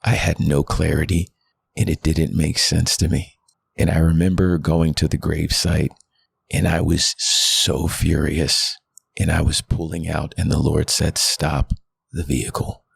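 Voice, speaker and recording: A man's voice: a bass voice, flat delivery, measured pace, creaky, slightly rough. A man in his thirties, a pastor and podcast guest, telling a personal story in an earnest, heartfelt way. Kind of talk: candid personal testimony.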